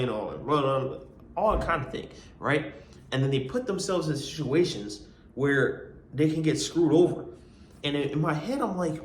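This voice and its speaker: A man's voice: on the high side, big pitch swings, normal speed, reverberant, slight background noise. A young man vlogging as a college student, telling a long story in a rambling, slangy way, with lots of asides and "you know what I mean". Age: young adult. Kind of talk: casual storytelling.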